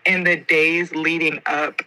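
A young adult woman from the United States, a podcast guest telling a personal story in an expressive, slangy, heartfelt way. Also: deep voice, slow, rough recording. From United States (Georgia).

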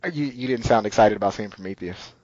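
A man's voice: on the low side, quick pace, darkish tone, dry recording. Male podcast co-host, rambling casual recap, dry and a bit muffled. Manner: rambling, many ums and restarts. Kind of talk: casual chat recapping a TV episode.

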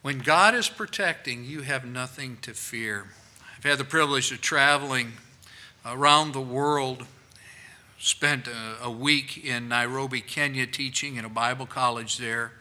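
In a church, a male pastor tells a story during his sermon, animatedly performing the voices of the people he quotes. His pitch is medium and his pace a little slow, captured on a worn microphone in a low-quality recording.

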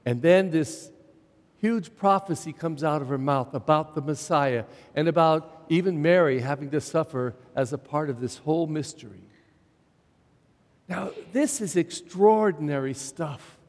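A middle-aged man preaching from the pulpit in a fairly high voice, leaning on repetition and rhetorical questions. His words ring out with a long reverb through the church. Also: measured pace, darkish tone. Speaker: pastor. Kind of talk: sermon.

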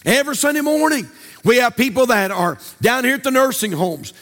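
A man's voice: very high-pitched, animated, brisk, fairly bright tone. A male pastor preaching a sermon in a church, with a sing-song cadence and repeated phrases. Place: church sanctuary.

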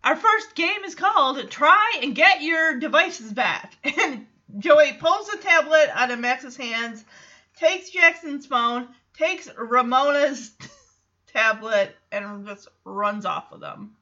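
A woman hosting a podcast, recapping an episode in a casual, animated way, acting out the characters' lines and laughing often. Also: sits high, takes it slowly, dull audio. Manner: animated storytelling, acts out quotes, laughs often. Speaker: podcast host.

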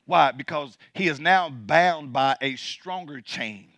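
A male pastor delivers an emphatic sermon, his voice pitched a little high and bright with edge. He reads scripture aloud and keeps calling out to the congregation, swinging from low and quiet to loud. The sound is close and dry, with no room around it. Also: slow pace, no echo.

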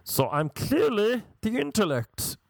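A man's voice: high voice, big pitch swings, gravelly, no room sound, pitched above the performer's own voice, full character voice. A man voicing a pompous young man who puts on a fake posh voice, haughty and drawn out. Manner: haughty, drawn-out, name-dropping.

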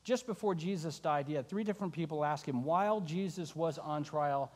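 High-voiced preacher in a big hall. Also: male voice, fairly quick. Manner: animated, acting out the disciples' voices. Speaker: pastor. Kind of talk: sermon.

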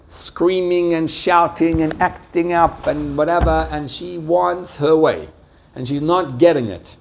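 A man teaching a class, telling a story with lively rises and soft drops and asking his listeners questions. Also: a little high, measured pace, creaky, slight background noise. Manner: animated storytelling, rising excitedly and dropping softly. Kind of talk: lively lecture with questions to the audience.

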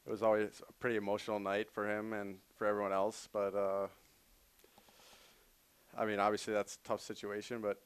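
Smooth-voiced man telling hockey stories. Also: on the low side, completely flat delivery, fairly quick. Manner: laughs while telling stories. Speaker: professional hockey player guest. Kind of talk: casual interview chat.

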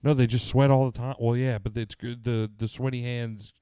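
A man's voice: mid-range voice, level tone, moderate pace, warm tone, clean tone, no room sound, clean studio sound. A young man co-hosting a podcast, bantering crudely and laughing at himself. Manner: laughing, crude, self-deprecating. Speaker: podcast co-host. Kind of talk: casual banter.

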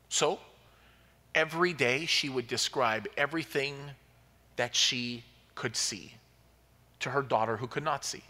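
A man preaching a sermon as a pastor, telling a story and building to loud, emphatic peaks. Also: mid-range voice. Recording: long hall reverb.

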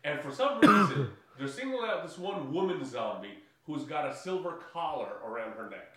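A man's voice: on the high side, lively intonation, moderate pace, bright, forceful tone, recorded from a distance. A man recaps a movie in loose podcast chat, full of fillers, restarts and laughter. He sits away from the mic, and the room rings with heavy echo. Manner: rambling, many fillers and restarts, laughs often. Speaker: podcast co-host.

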